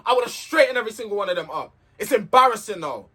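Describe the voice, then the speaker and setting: A man's voice: sits high, lively intonation, rapid-fire, hardly any pauses, sharp tone. A man recapping a reality show in a casual, heated, sweary rant, repeating himself as he vents.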